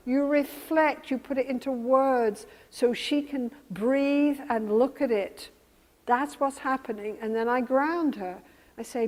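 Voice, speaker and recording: A woman teaching therapists, speaking calmly and slowing down and softening her voice as she demonstrates soothing a client. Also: fairly high pitch. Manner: calm, slows down and softens when demonstrating soothing. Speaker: therapy trainer. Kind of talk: teaching lecture with role-played therapy examples. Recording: lecture hall with long reverb.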